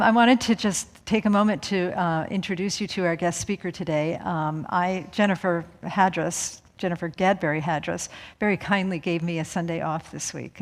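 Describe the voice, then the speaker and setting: Woman minister hosting, chatty and lightly laughing; low voice, reverberant hall. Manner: warm, chatty, laughs between remarks. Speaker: minister and host. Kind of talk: church service introduction. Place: church sanctuary. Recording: long reverb in a hall, audience faint.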